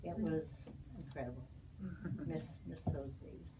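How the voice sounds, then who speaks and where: A woman animator reminiscing on a panel in a chatty, halting way with fillers. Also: deep voice, steady tone, a loud crowd. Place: panel talk before an audience. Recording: distant mic with clear background noise.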